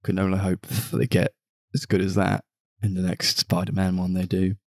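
Jokey man with a low voice. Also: monotone, moderate pace, dry recording, clean studio sound. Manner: jokey, laughs often, acts out characters' lines. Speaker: podcast co-host. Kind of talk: casual film podcast chat.

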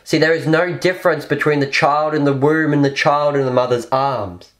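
Earnest preachy male podcast host. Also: medium pitch. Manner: earnest, preachy, repeats phrases for emphasis. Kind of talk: impassioned religious monologue.

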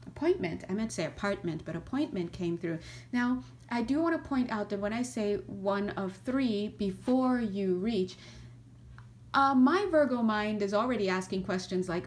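A woman talking through a casual spiritual reading at a middle pitch. She chats freely, breaks into small laughs and wanders into lively asides as she goes. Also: moderate pace, a little hiss or hum. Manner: chatty, laughs often, animated asides. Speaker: astrology and tarot reader.

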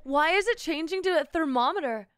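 A woman's voice: sits high, expressive, a little fast, fairly bright tone, long reverb tail. A woman streaming while sick with covid, chatting casually with a crude, teasing, playful manner. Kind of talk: casual live-stream chat.

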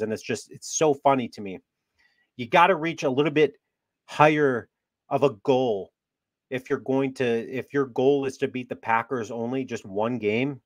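A man's voice: medium pitch, no room sound, clean studio sound. A man hosting a sports talk show, talking casually and mockingly, amused and full of trash talk. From Wisconsin.

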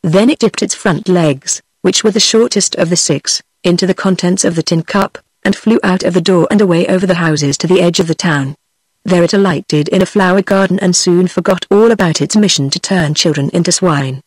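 A text-to-speech woman's voice with a British English accent, reading a fairy tale aloud in a steady, even audiobook manner. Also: fairly low pitch, fairly quick, slightly rough, no echo. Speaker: audiobook narrator. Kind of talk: synthetic audiobook narration.

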